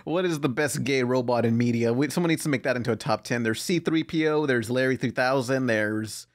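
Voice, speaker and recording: A woman's voice: rumbling low, fairly quick. A woman co-hosting an animation podcast who jokes crudely through a casual chat. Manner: joking, crude, lively. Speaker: podcast co-host.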